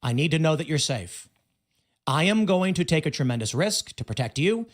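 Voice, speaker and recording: A man's voice: fairly high pitch, sing-song, normal speed. A man hosting a livestream, giving unscripted commentary in an emphatic storytelling way, acting out what people said and repeating words for stress. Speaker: livestream host.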